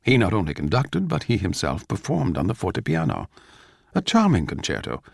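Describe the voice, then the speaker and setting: A man with a low voice narrates in a measured, urbane way, his delivery swinging widely between lines. It is a scripted, theatrical dramatic reading, close and dry. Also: huge pitch swings, gravelly, no room sound.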